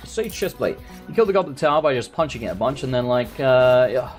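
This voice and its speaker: A man rambles through casual gameplay commentary in a lively, swooping voice, swearing freely and slipping into sarcasm. His pitch sits in an ordinary middle range. Soft game music plays faintly underneath. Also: fairly quick, few pauses. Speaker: let's play host.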